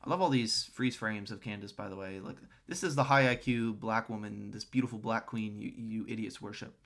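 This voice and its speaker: A man's voice: lowish voice, fairly quick, a bit bright. A man ranting scornfully and profanely while reacting to video clips. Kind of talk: crude reaction commentary.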